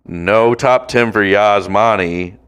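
A man co-hosting a podcast in casual, crude chat, joking around with drawn-out bits. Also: fairly low pitch, fairly bright tone, smooth. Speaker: podcast co-host. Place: home.

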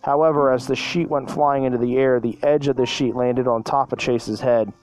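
A man's voice: medium pitch, steady tone, normal speed, darkish tone, faint music behind, low-quality recording. A man reading a fan story aloud as narrator, often tripping over words and correcting himself mid-sentence. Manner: stumbling, self-correcting reading.

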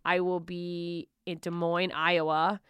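A woman's voice: on the low side, little pitch movement, slow pace, a bit bright, clean tone, dry recording. A woman comedian guesting on a studio podcast, chatting casually with lots of profanity and self-mocking asides.

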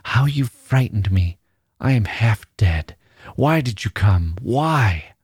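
A man's voice: lowish voice, lively intonation, slow, darkish tone, breathy edge, no echo, studio quality, full character voice. A man putting on a breathless, frightened young woman.

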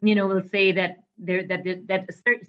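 A woman co-hosting a podcast, talking in a casual discussion, halting and repeating words. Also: medium pitch, little pitch movement. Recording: dull lo-fi audio.

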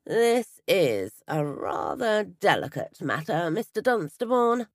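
A woman voicing a male police inspector with a nasal, slightly strangulated voice, speaking slowly and with measured reassurance. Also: medium pitch, sing-song, no echo, clean studio sound, full character voice. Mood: measured, probing. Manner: slow, measured, falsely reassuring. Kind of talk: storybook reading.

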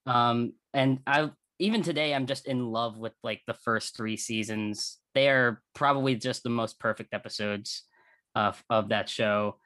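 A man's voice: mid-range voice, measured pace, pushed and bright, dry recording. A man as a podcast guest, speaking fondly and hesitantly with lots of fillers. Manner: hesitant, fond, full of fillers. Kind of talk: casual podcast chat.

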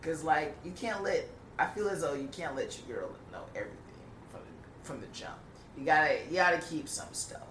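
A young man telling a profane, animated story in a casual podcast chat. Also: on the high side, brisk. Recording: echoey room, distant mic, faint noise.

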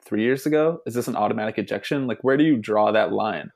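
A man co-hosting a casual sports podcast, animated and laughing as he acts out quotes. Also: fairly low pitch, quick pace, gravelly. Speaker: podcast co-host.

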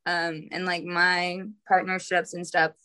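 Young woman podcaster, bright and laid-back. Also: on the low side, a little slow, clean tone. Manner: relaxed, reflective, lots of "like" fillers. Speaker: podcast co-host. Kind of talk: casual chat.

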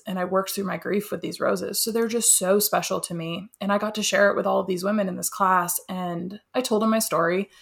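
A woman's voice: medium pitch, gravelly. A young woman talking as a guest in a casual interview, chatty and enthusiastic, laughing often. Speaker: welder and artist guest.

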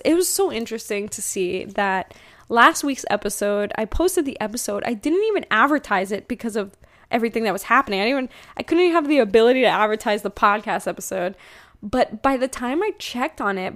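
A young woman hosting her own podcast, talking casually and rambling, with lots of fillers and self-corrections. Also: a little high. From United States. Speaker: podcast host. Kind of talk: casual solo podcast monologue.

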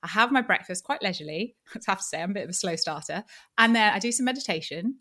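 A woman hosting an interview show, chatting with animated enthusiasm. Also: mid-range voice, fast talker. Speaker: podcast host. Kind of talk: casual interview chat.

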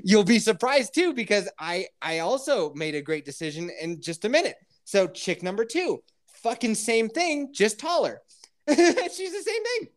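A woman podcast co-host telling a story in casual chat over a remote call, profane and animated, laughing often. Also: a little high, normal speed.

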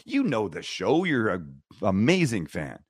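His voice is husky and fairly low, his pace measured: a middle-aged man who hosts cooking shows on TV and YouTube, appearing as a guest in a podcast studio. He tells his stories bluntly, acting out the dialogue with animation in a casual interview, and the studio mic keeps things echo-free.

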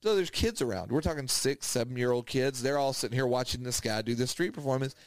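A man's voice: medium pitch, fast, no echo. A man co-hosting a podcast, telling a rambling story in casual chat, full of fillers and restarts. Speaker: podcast co-host.

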